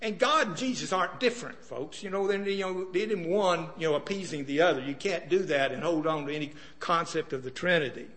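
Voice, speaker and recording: A man's voice: fairly high pitch, fairly quick, hardly any pauses, fairly bright tone. A man preaching a sermon in a conversational way, often putting questions to his listeners.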